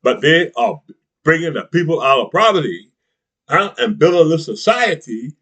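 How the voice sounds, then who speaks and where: A man's voice: a little high, sing-song, moderate pace, fairly bright tone. A middle-aged man giving a blunt, profane political rant, chuckling often and tossing in "huh?" and "you know what I'm saying?". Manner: chuckles between heated points. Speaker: political commentator. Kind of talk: ranting political monologue.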